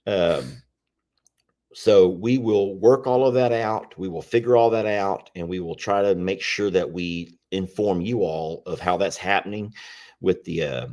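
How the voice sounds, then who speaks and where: A man's voice: deep voice, a little slow, a little mellow. A man hosting a casual livestream chat about his animal sanctuary, talking in a rambling, repetitive way. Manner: rambling, chatty, repeats himself.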